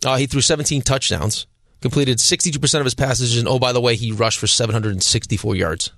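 A male sports radio co-host in casual chat, argumentative and quick to rattle off stats. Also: mid-range voice, fairly bright tone, no echo, clean studio sound.

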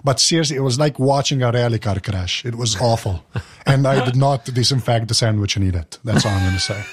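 A man's voice: medium pitch, a little fast, slightly rough. A man from Slovenia, speaking English in a casual podcast chat, rambling through anecdotes with many fillers. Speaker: podcast panelist.

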